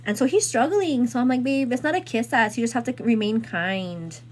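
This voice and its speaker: A woman host retelling a story in casual chat, rambling and animated, with lots of fillers. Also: a little high, moderate pace, a little hiss or hum.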